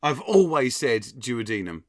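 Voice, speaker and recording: Lively English man hosting a quiz. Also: mid-range voice, a little slow, no room sound, studio quality. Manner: reads quiz items aloud, laughs often, jokes with chat. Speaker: quiz host. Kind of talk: live-stream quiz hosting, chatting with viewers.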